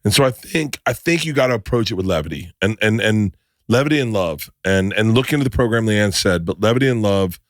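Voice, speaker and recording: A man's voice: on the low side, lively intonation, fairly quick, no echo, clean studio sound. A middle-aged man co-hosting a casual podcast with his wife, rambling and repeating himself, swearing now and then. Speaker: co-host, husband.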